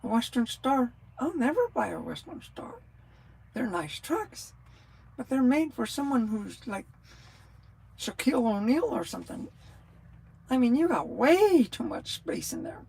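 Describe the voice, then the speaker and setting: A woman's voice: on the high side, big pitch swings, measured pace, creaky, darkish tone, breathy edge, low-quality recording. A woman chatting casually on a live stream, rambling from thought to thought and answering viewers' comments as she goes. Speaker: livestreamer.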